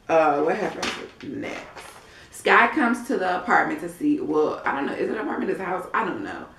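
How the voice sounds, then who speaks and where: A woman giving a casual, blunt and profane recap of a TV episode, with chatty slang asides. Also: medium pitch. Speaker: TV episode reviewer. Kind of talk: casual recap of a reality show. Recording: echoey room, mic at a distance.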